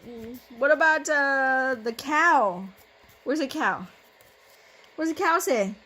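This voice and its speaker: A woman's voice: high voice, expressive, takes it slowly, pushed and bright, a little hiss or hum. A woman whose first language is Vietnamese, a mother playing a bedtime game with her toddler, coaxing, playful and laughing often as she switches between two languages at home.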